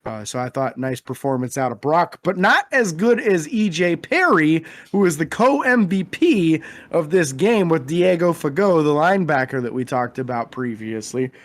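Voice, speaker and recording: Man, podcast co-host, steady analytical read on players, a bit high-pitched. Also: normal speed, few pauses. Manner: methodical player breakdowns. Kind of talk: casual sports podcast chat.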